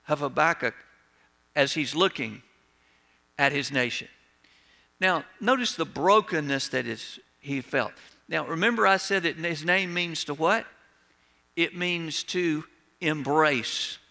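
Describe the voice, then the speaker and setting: A man preaching a sermon as pastor, slow and emphatic with dramatic rises in his delivery. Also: a little high, lively intonation, creaky, pushed and bright, big-room sound.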